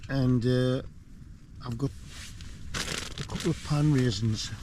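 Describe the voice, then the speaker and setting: A man's voice: mid-range voice, slow pace, a little mellow. An older man chatting casually as he films his wild camp, rambling and poking fun at himself. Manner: rambling, self-deprecating, chatty. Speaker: wild camping vlogger. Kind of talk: casual outdoor vlog. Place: windy hillside campsite outdoors. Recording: wind noise outdoors.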